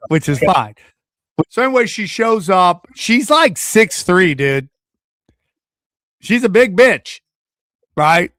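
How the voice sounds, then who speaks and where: A man with a high voice hosts a casual podcast and tells a long story, jumping in and out of other people's voices. His delivery is animated and profane. The recording is dry and close, with no room sound. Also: takes it slowly, pauses often, dry recording. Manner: animated, acts out quotes in changing voices; profane, rambling with restarts. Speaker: podcast host.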